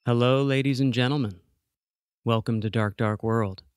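A man hosting a true crime podcast, reading scripted narration in a measured, matter-of-fact way. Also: mid-range voice, steady tone, noisy background. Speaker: podcast host.

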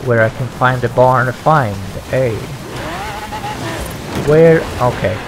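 Excitable gamer with game music. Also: male voice, mid-range voice, slow pace. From Sweden. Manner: excitable, exclaiming and swearing, rambling. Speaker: gaming YouTuber. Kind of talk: let's play commentary. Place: home gaming setup, no face cam. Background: racing game music and engine sounds.

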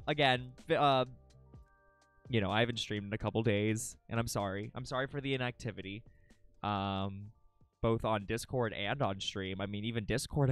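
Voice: mid-range voice, fairly bright tone. A live streamer chatting casually with viewers, greeting the chat by name and swearing freely as they ramble. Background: faint background music.

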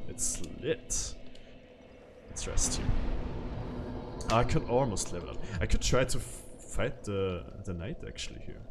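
Low-voiced man laughing through a game stream. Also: gravelly, noisy background. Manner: muttering to himself, laughing often, sudden startled gasps. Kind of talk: casual gameplay commentary.

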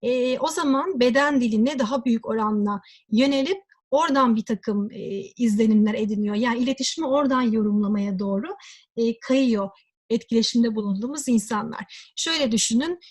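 A woman lecturer explaining communication at a measured pace, pausing often with fillers. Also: fairly high pitch. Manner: measured, with frequent hesitation fillers. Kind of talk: recorded lecture.

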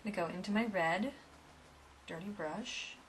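A woman's voice: mid-range voice, normal speed, slight background noise. A woman giving a step-by-step painting lesson in a chatty way, with asides to her students. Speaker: painting instructor. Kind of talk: painting tutorial.

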